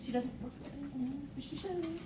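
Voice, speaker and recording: Bubbly high-voiced woman in an echoey room. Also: quick pace, dark tone. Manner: bubbly, enthusiastic, laughs often. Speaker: fitness coach speaking at a team meeting. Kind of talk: casual motivational talk to a live group. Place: meeting room with an audience. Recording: echoey room, distant mic, noisy.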